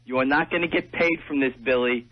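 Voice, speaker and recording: A man's voice: mid-range voice, a little fast. A man calling in to a radio show, scornful and accusing. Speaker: caller. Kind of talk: radio call-in. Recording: lo-fi radio call-in audio.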